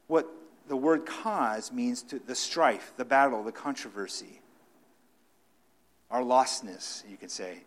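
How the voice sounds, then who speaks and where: A man delivers a sermon at a middle pitch, talking it through without a script. He stumbles into restarts and fillers, then lands hard on key words before dropping to quiet asides. Plain and direct, a preacher working through his point out loud. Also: takes it slowly. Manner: swings between loud emphatic stresses and quiet asides.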